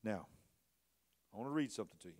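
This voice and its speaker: A man preaching a sermon as a bishop. His delivery swings from hushed to loud, and he repeats phrases for emphasis. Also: fairly low pitch, animated, quick pace.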